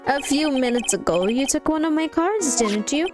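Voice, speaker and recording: A woman's voice: high voice, lively intonation, normal speed, voice pushed up. A woman voicing a vain, flamboyant male circus magician who calls everyone sweetie, over game music. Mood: smug. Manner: pompous, calls people sweetie.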